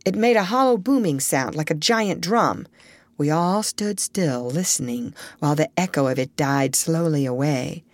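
A woman narrates a storybook in a low voice that rises and falls with plenty of life. The recording is close and dry, with no echo at all. She tells the tale with lively expression. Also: normal speed. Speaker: audiobook reader.

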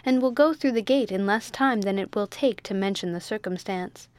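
A woman reading an audiobook, voicing a calm, polite young male ship's mate. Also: medium pitch, moderate pace, smooth, no echo, lightly acted.

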